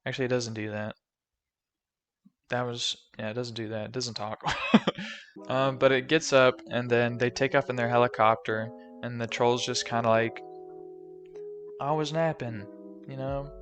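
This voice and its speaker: A man's voice: medium pitch, level tone, moderate pace, a bit bright, faint music behind. A young man casually recapping a movie, rambling and joking with lots of fillers.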